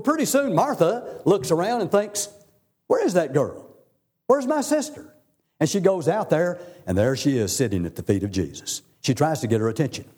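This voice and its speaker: A man preaching a sermon, telling Bible stories in a folksy way. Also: darkish tone. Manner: folksy storytelling preacher, swinging pitch for emphasis.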